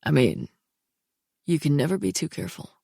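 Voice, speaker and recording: A woman voicing a teenage boy with a deep, slightly gravelly voice, dry and teasing on the phone. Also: lively intonation, moderate pace, dark tone, no echo, heavily acted.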